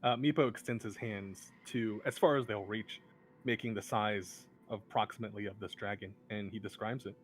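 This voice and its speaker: A man's voice: on the low side, steady tone, normal speed, slight background noise. A man narrating a tabletop game as game master, hesitant, with many ums and uhs.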